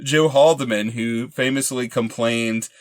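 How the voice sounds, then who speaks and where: A man co-hosting a movie podcast, adding background details in a relaxed, wry way. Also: mid-range voice, unhurried. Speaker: podcast co-host. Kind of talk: casual movie review chat.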